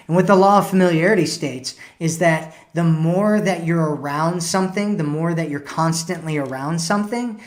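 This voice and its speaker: A man's voice: on the high side, normal speed, few pauses. A man hosting a live stream as a dating coach, giving casual advice and reading out viewer comments, often tagging lines with "right?" and "you know".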